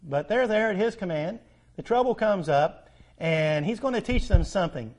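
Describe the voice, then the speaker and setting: A man preaching a sermon, swinging between loud urgent appeals and soft hushed asides, drawing out words for emphasis. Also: high voice, animated, moderate pace.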